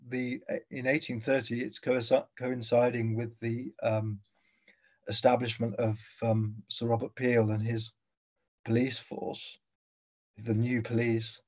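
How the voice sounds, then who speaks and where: A man's voice: mid-range voice, a little mellow, highs cut off. A man answering interview questions as a guest historian, thoughtful and hesitant, with frequent fillers. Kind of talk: conversational interview.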